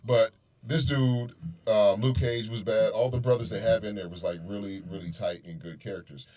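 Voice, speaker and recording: A man's voice: on the low side, steady tone, normal speed, dark tone. Podcast guy going on about comics, keeps restarting, a bit distant on the mic. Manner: explains at length, restarts words. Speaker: podcast co-host. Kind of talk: casual chat.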